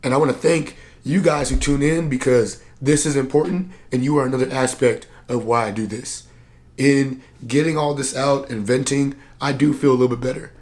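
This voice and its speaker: A man who works as a coach, talking candidly to camera in a vlog, earnest and reflective, and tired and low on energy. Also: steady tone, moderate pace, darkish tone. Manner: earnest, reflective, plain-spoken with many "like" fillers. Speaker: personal development coach and vlogger.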